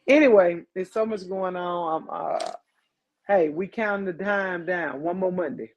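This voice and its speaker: A man hosting a live podcast in a loose, joking way, tired after a long day. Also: high-pitched. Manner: loose, joking, drawn-out greetings. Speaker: podcast host. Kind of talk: casual live podcast chat.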